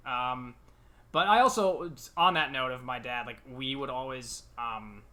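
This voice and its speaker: A man in his thirties from the United States, co-hosting a podcast and telling childhood stories in a lively, laughing way, acting out the voices in them. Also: medium pitch, a little slow. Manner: animated, laughing, acts out quotes. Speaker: podcast co-host. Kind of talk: casual storytelling chat.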